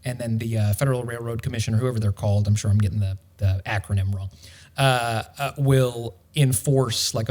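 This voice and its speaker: A man's voice: mid-range voice, fairly quick, a little mellow. A man, a realtor guest on a podcast, talking in a wry, storytelling way with dry humor. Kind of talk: casual podcast chat.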